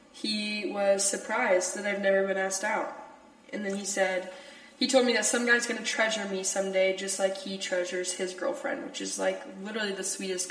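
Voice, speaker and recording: A woman's voice: medium pitch, a bit bright. A young woman hosting a podcast, chatting casually and laughing often, with lots of filler words. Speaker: podcast host. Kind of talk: casual chat. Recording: echoey room, distant from mic.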